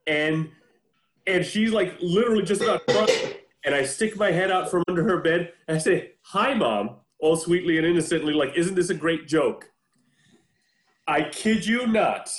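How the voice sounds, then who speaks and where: A man in his forties from New York, telling a childhood story in casual chat with an animated, shifting pace. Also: a little high, normal speed, reverberant. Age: 40s.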